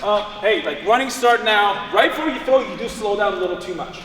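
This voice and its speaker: A man coaching throwing in casual talk, hyped up and swearing freely, with loud cheering bursts. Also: high-pitched, brisk. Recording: echoey, distant mic, background noise.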